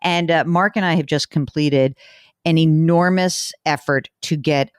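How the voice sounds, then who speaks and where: Woman host, low voice, brisk and teasing, dry close mic. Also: fairly even intonation, clear, resonant tone, no room sound. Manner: brisk, teasing, asks pointed questions. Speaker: podcast host, money advice. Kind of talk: casual radio call-in chat.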